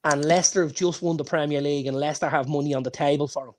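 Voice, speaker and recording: A man's voice: on the high side, fairly even intonation, very fast, a little hiss or hum. A man, co-hosting a football podcast and telling anecdotes with many false starts. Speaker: podcast co-host. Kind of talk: casual football chat.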